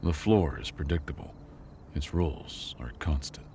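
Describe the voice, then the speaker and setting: A man voicing a tired, sarcastic human janitor in a sci-fi story, speaking flat and deadpan. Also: rumbling low, normal speed, slight background noise.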